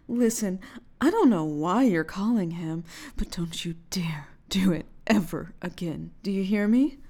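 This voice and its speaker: A possessive young girlfriend, acted by a woman, in a whispered role-play. Her voice sits at an ordinary middle pitch, hushed and breathy, and she lingers on each phrase at a very slow pace. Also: natural voice. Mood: jealous, scolding.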